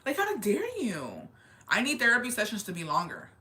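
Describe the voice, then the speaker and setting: Mid-range with huge pitch swings and a sharp tone, her voice moves at normal speed, with a little hiss or hum. This young livestream host casually answers viewer comments, speaking candidly, swearing, repeating phrases for emphasis, and slipping in Spanish.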